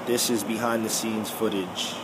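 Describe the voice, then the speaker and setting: A nervous young man records a casual video diary from a car. He talks haltingly and keeps repeating himself. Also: lowish voice, fairly even intonation. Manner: hesitant, halting, with many repeats. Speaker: filmmaker recording a behind-the-scenes video. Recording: loud car and air conditioning noise.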